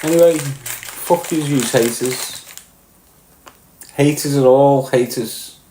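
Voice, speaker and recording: A man's voice: medium pitch, slow pace, mellow, reverberant, slight background noise, poor audio. A middle-aged man with a Liverpool accent, ranting bluntly and swearing, firing rhetorical questions at his viewers. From Liverpool, England. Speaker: podcast host.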